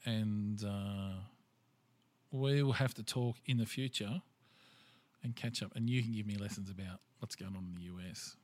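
Laid-back Australian podcast host, dry sound. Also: male voice, lowish voice, normal speed, no room sound. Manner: relaxed, easygoing and chatty. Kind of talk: casual interview chat.

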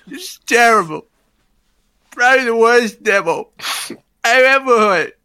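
A man doing an impression of a brash, blustering older American president, talking loudly, bluntly and with lots of complaining. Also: very high-pitched, lively intonation, a little slow, clear, resonant tone, dry recording, full character voice.

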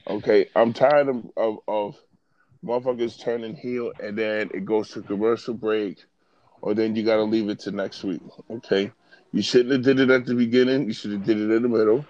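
A man with a lowish voice rants hard, swearing freely as he chats on a podcast. The sound is dry and close, with no room in it. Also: dark tone, no echo, dull audio. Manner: heated, ranting, swears a lot. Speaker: podcast co-host. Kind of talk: casual chat, profane rant.

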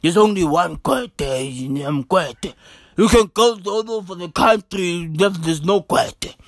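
A woman doing an impression of an older male government minister who drawls slowly, unbothered and boastful. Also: on the low side, no echo, pitched below the performer's own voice. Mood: smug.

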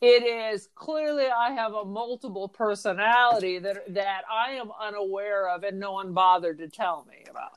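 A woman's voice: mid-range voice, normal speed, few pauses, smooth. A woman co-hosting a podcast, talking about a film in a wry, sarcastic way. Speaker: podcast co-host. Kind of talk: casual film discussion chat.

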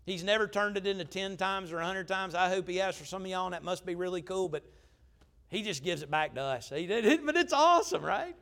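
High-voiced preacher man. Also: fairly even intonation, brisk, fairly bright tone. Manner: emphatic, conversational preaching with swings in volume. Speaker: pastor. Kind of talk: storytelling sermon.

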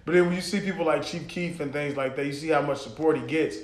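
Young male podcast co-host, high voice, casual foul-mouthed banter, echoey room. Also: fast. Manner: loose, profane, laughing banter. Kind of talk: casual chat.

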